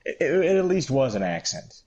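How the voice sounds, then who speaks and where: A man's voice: medium pitch, big pitch swings, fairly quick, darkish tone, dull audio. A man chatting casually and joking about himself while playing a game with a friend. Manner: joking, self-mocking. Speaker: co-player. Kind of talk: casual gaming chat.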